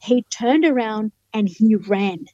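A woman tells a testimony as an interview guest, earnest and vivid, acting out every exchange. Her voice sits a bit high but sounds mellow and soft-edged. The recording is close and dry. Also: lively intonation, takes it slowly, dry recording, dull audio. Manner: earnest, vivid storyteller who acts out dialogue. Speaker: human rights lawyer, guest.

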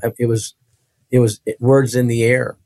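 A man recounting a personal testimony as a guest, earnest and halting, often restarting his sentences. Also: medium pitch, level tone, a little mellow, no room sound.

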